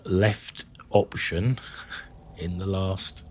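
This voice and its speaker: A man's voice: low-pitched, fairly even intonation, extremely slow, a little mellow, a little hiss or hum. Chatty man streaming a game. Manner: rambling, chatty, talking to viewers in chat. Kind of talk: live gameplay commentary.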